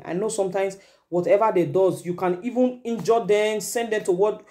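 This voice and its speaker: Speaking as a vlogger, a woman with a Nigerian accent delivers a forceful advice monologue in a lecturing tone, slipping into Pidgin at times. Her voice is mid-range and her pace moderate.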